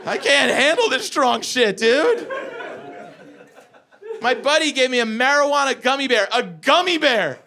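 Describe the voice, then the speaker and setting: A man in his forties performing a stand-up comedy set, telling profane, animated stories with acted-out asides. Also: very high-pitched, a little slow, a crowd in the background. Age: 40s. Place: comedy venue with a live audience. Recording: live show with loud audience laughter.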